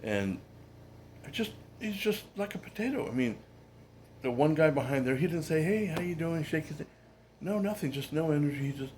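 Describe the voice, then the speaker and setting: A man's voice: a little high, animated, normal speed, a little mellow. Guy ranting about politics, fired up and rambly, keeps restarting, faint room hum behind. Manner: indignant, rambling, with frequent restarts. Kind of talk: casual political rant.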